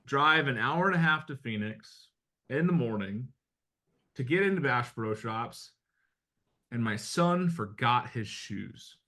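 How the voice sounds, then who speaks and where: His mid-range voice has a fairly bright tone. He is a middle-aged American coaching real estate agents in a motivational talk, speaking bluntly and conversationally and swearing mildly now and then.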